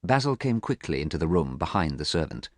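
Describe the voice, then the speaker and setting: A man narrating a simple storybook in a calm, measured and clear way. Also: very deep voice, dry recording, clean studio sound. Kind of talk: graded reader audiobook narration.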